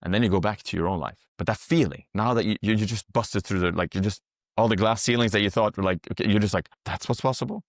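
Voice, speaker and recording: A man's voice: fairly low pitch, fast, dry recording, clean studio sound. A man working as a psychedelic guide, talking casually on a podcast, explaining things through long rambling metaphors and swearing freely.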